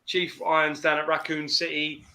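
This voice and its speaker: A man's voice: a little high, monotone, moderate pace, crowd noise. A middle-aged man with an Essex accent hosting a casual live stream, joking and swearing freely. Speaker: livestream host. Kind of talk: casual banter.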